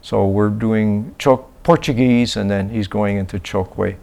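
A man telling a church about his mission work in a halting, casual way, often restarting his sentences. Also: on the low side, steady tone, creaky. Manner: halting, restarts, acts out quoted voices loudly. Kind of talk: casual slide-show talk.

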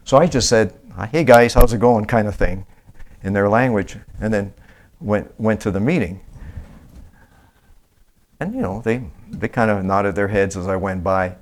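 A man's voice: on the low side, a little slow, long pauses. A man giving a conversational Bible-teaching sermon in church, with many restarts and fillers. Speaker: preacher.

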